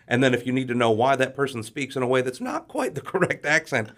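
A man's voice: mid-range voice, expressive, fast talker, fairly bright tone. A man who is a comedian, chatting as a podcast guest, often repeating words and restarting his sentences. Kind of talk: casual podcast chat.

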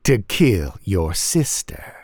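Man doing a soft hazy sinister entity. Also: sits low, big pitch swings, slightly rough, no room sound, studio quality, full character voice. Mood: menacing calm. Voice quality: soft, hazy, slow menacing delivery.

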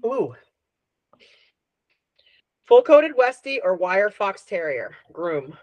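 A woman in her thirties hosting a podcast and chatting casually as a dog groomer, telling stories in a profane, animated way. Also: medium pitch, slow, no room sound, muffled recording. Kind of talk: casual chat.

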